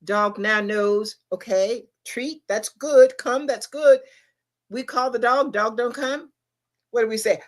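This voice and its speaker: Taking it slowly in a fairly high-pitched voice, a middle-aged woman co-hosts a casual livestream show. Her style is emphatic and a bit preachy, and she poses rhetorical question after rhetorical question to the listener.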